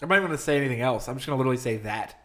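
A man's voice: medium pitch, rapid-fire, fairly bright tone. A man in casual chat, joking around with playful banter.

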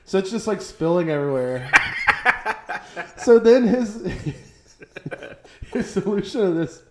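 A man chatting casually as a podcast co-host, an animated storyteller who laughs as he talks. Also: high voice, slow pace. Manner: animated storyteller, laughing through his anecdotes. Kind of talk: casual chat. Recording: roomy echoey room.

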